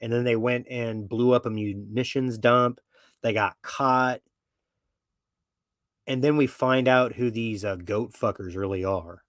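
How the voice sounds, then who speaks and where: His voice is medium in pitch, his intonation fairly even and his pace measured, recorded dry at studio quality. This podcast host rants through a profane monologue of opinions, blunt and cocky, swearing a lot.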